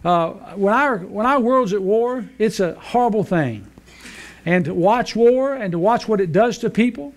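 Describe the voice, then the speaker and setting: A preacher in his fifties speaks in a high voice to his church congregation. He tells jokes in a folksy, easygoing way, full of "uh" and "you know.". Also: expressive, normal speed. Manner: folksy, joking storyteller with frequent fillers. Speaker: pastor. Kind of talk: sermon. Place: church sanctuary.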